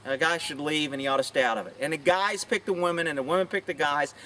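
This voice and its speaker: A middle-aged male police officer talks to the camera outdoors with chickens nearby, speaking quickly in a slightly bright voice with a little hiss or hum. His casual monologue is blunt and opinionated, full of rambling asides, and he adopts high, mocking voices when quoting women. He sounds somewhat far from the mic.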